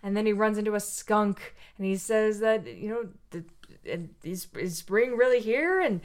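A woman co-hosting a casual podcast, playfully retelling a children's picture book and acting out the animals in quick bursts. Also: medium pitch. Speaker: podcast co-host reading a picture book aloud.

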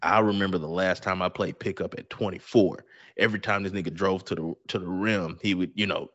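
Husky low-voiced joking man. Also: lively intonation, a little fast, muffled recording. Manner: joking, self-deprecating storyteller. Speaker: podcast host. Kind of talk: casual podcast banter.

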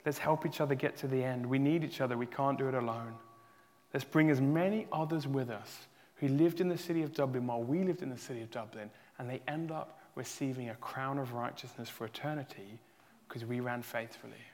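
A male pastor preaching a sermon in a church hall, earnest and emphatic, rising to loud peaks and sometimes stumbling over his words. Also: mid-range voice, a little fast. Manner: restarts and stumbles, emotional. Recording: long hall reverb.

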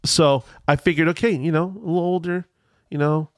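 A man's voice: fairly high pitch, steady tone, brisk, no room sound, studio quality. A middle-aged man telling a rambling story in casual chat, full of restarts and asides.

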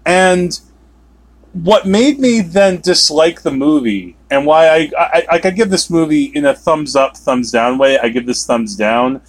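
A man co-hosting a movie review podcast, talking in a rambling, animated way with sudden emphatic outbursts. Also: a little high, measured pace. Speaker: podcast co-host. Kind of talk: casual movie review chat.

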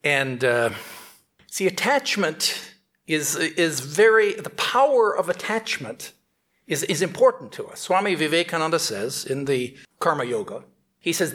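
A man giving a spiritual teaching and telling a story, halting often and restarting his phrases. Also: on the high side, expressive, fairly bright tone.

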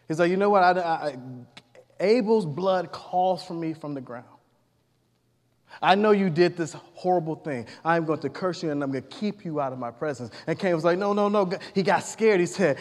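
A man with a fairly high voice preaches a sermon in relaxed, everyday speech, slipping into the voices of the characters as he tells the stories. His words ring out with a long reverb, as if spoken in a large hall. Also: moderate pace. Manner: retells scripture casually, acting out the characters' lines.

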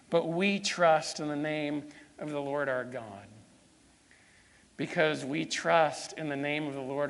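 A man preaching a sermon as pastor, slow and emphatic, building with repetition and dramatic pauses. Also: on the high side. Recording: long hall reverb.

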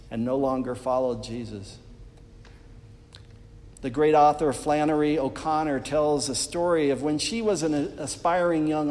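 A man's voice: medium pitch, darkish tone. A man preaching a sermon in a church, speaking earnestly and addressing the congregation directly. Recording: long reverb of a church hall.

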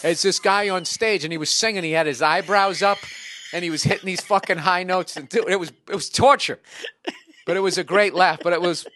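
Bright, animated storytelling man. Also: high voice, a little fast, no echo. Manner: animated, profane anecdote-telling. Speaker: guest comedian. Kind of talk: casual podcast storytelling.

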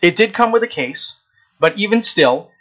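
A man's voice: sits high, expressive, normal speed, a bit bright. A man co-hosting a casual chat, telling rambling stories with crude jokes. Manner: rambling, crude joking storyteller. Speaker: podcast co-host.

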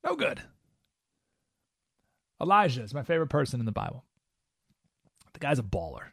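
Talking at a quick pace in a medium-pitched voice, this radio talk show host preaches his opinions with emphatic energy and acted-out quotes. The recording is clean studio sound with no echo.

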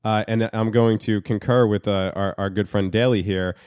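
A man's voice: on the low side, steady tone, normal speed, darkish tone, clear, resonant tone, no echo, studio quality. A man in his thirties from the United States, chatting crudely on a podcast, rambling with stammered restarts. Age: 30s. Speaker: podcast co-host. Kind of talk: casual crude banter. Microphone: studio mic.

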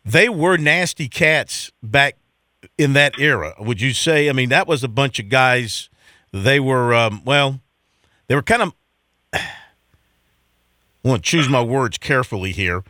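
A man's voice: medium pitch, lively intonation, a little slow, pauses often, sharp tone, no echo. A man hosting a sports radio show, chatty and folksy, asking guests leading questions.

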